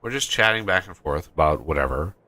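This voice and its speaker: Lively, bright-voiced man telling a rambling story. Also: low-pitched, a little fast, dry recording. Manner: rambling storyteller, stumbling restarts. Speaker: gaming channel host. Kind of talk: casual chat while playing a game.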